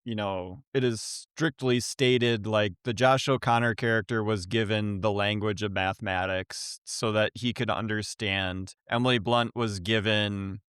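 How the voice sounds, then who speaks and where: A man's voice: on the low side, fairly even intonation, a little slow, hardly any pauses, a bit bright, clear, resonant tone, no echo, clean studio sound. A man hosting a casual podcast discussion of a film he just saw, steering the talk and thinking aloud with restarts. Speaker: podcast host.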